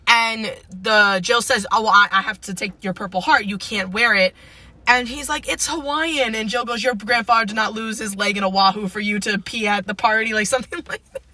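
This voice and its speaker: A man's voice: sits high, fairly even intonation, fairly quick, sharp tone. A young man hosting a casual podcast chat, rambling with many fillers and restarts. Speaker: podcast host.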